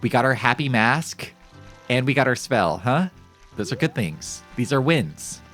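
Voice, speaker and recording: A man streaming a game live, talking casually to his chat. His pitch jumps up and down a lot as he jokes, and he often makes fun of himself. Faint music plays behind him. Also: a little slow. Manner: animated, joking, talks to chat; self-mocking.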